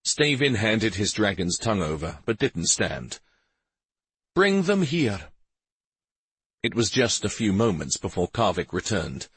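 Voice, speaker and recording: Husky, low, slow male storyteller. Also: lively intonation, fairly bright tone, no echo. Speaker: narrator. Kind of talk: audiobook narration.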